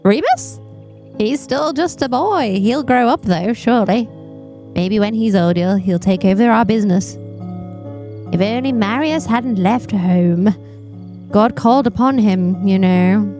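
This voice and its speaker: A woman voicing a fond, frail, absent-minded elderly father, reading game dialogue in a deliberate, lowered old-man voice. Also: animated, darkish tone, soft background music. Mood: reminiscing.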